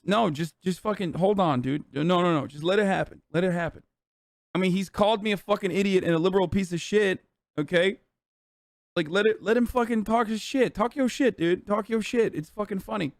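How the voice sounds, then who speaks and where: Male streamer, highish dry voice, sarcastic and profane. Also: normal speed, dry recording. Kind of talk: casual livestream commentary.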